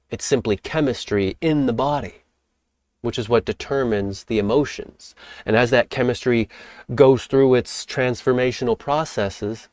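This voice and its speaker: A man hosting a spiritual teaching talk, speaking in a calm, reflective way and sometimes acting out playful examples. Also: medium pitch, no room sound, clean studio sound. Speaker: host.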